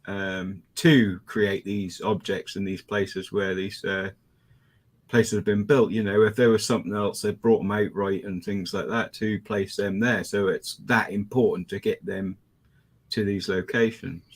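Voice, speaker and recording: A man's voice: on the low side, steady tone, unhurried. A man co-hosting a podcast, chatting casually and speculatively about mysteries, often hedging his points. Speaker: podcast co-host. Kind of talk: casual conspiracy chat.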